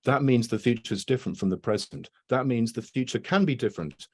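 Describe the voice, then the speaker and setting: A man's voice: mid-range voice, fast talker, darkish tone. A man giving a casual academic talk over a video call, rambling and tagging his points with "right?" and "you know". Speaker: lecturer.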